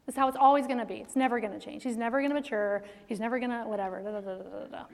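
Woman, high voice, middle-aged, animated storyteller, faith talk to moms, long echo of a big hall. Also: rapid-fire, gravelly. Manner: storytelling, animated, laughs often. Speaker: speaker to moms. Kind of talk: faith-based talk to an audience.

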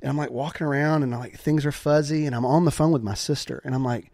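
A man casually telling a story from his youth, laughing often and acting out quoted voices in a high pitch. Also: fairly even intonation, quick pace, darkish tone, dry recording, clean studio sound.

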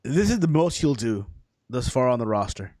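A man on a wrestling podcast who rambles through his points, throwing in "listen" and "bro" along with casual swearing. His pitch swings widely as he talks, and the mic sounds dry and close. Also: very animated, normal speed, darkish tone, dry recording. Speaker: podcast co-host.

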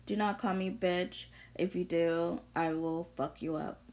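A woman's voice: lowish voice, fairly even intonation, unhurried, a little mellow. A young woman vlogger ranting bluntly through an unscripted monologue, full of profanity and confrontation. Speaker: vlogger sharing opinions.

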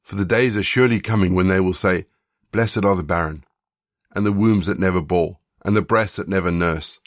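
A man voicing a calm, solemn teacher during a scripture reading, speaking quietly and gravely. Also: low-pitched, brisk, no room sound, studio quality, close to an everyday voice. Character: calm, solemn male teacher facing death.

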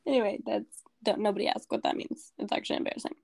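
A woman's voice: mid-range voice, fairly even intonation, fast, gravelly, darkish tone. A young woman co-hosting a podcast, chatting casually with a giggly, playful, rambling manner. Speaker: podcast co-host.

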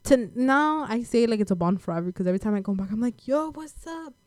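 A young woman from the United States tells a story in a casual chat, in a slangy, laid-back way full of fillers. Her voice is soft and mellow, with a middling pitch. The sound is dry and close, with almost no room echo. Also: animated, quick pace.

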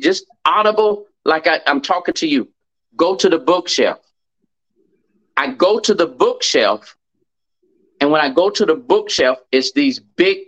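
A middle-aged man with a drawl tells a personal story as a podcast guest. His voice sits a bit high and rings bright and forceful. He leans on key phrases and repeats them for weight. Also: rough recording.

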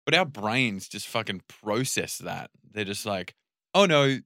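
Australian male co-host, lowish forceful voice, sweary and animated. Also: a little slow, creaky, no room sound, studio quality. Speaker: podcast co-host. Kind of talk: casual chat.

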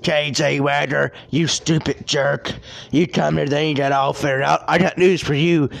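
A man's voice: a little high, steady tone, normal speed, gravelly. A man hosting a podcast, delivering a furious, insulting, threatening rant. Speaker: podcast host. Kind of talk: angry ranting podcast.

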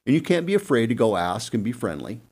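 A man telling hunting stories casually on a panel, acting out quick asides with an animated delivery. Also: mid-range voice, husky. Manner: animated, acts out deer and buddies in quick asides. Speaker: guest hunting expert. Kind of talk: casual storytelling on a podcast panel.

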